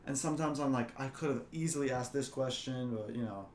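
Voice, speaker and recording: A man's voice: medium pitch, a little fast. A young man interviewing his father in an easygoing, casual way, with lots of short yeahs between questions. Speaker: son and interviewer. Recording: echoey room with faint noise.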